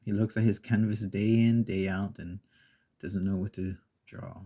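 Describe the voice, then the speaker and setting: A man speaks in a soft, unhurried ASMR style, drifting through a children's story with pauses and little asides. His voice sits low and dark, with plenty of gravelly fry and a breathy, husky grain. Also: steady tone. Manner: slow, meandering retelling with pauses and fillers. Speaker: ASMR channel host.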